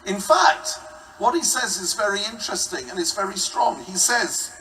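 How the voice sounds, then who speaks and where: A man's voice: high voice, very animated, moderate pace, pushed and bright, recorded from a distance, slight background noise, low-quality recording. A man preaching a sermon with humor, acting out the quoted voices.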